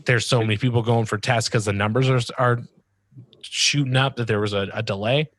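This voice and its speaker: A man's voice: mid-range voice, fairly even intonation, fairly quick, fairly bright tone. A man hosting a podcast in casual chat, talking in a loose rambling way full of fillers and easy laughs. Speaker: podcast host.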